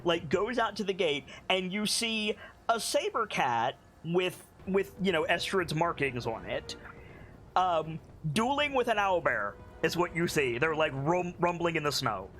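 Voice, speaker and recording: A young man narrating a tabletop game as game master, relaxed and full of fillers. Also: sits high, measured pace. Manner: hesitant, lots of fillers, relaxed.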